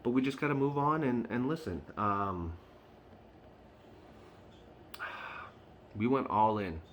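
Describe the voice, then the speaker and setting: A sports fan vlogger talks straight to camera in an unscripted video, frustrated and emphatic, often repeating his points. His mid-range voice is expressive and slow, with a little hiss or hum in the audio.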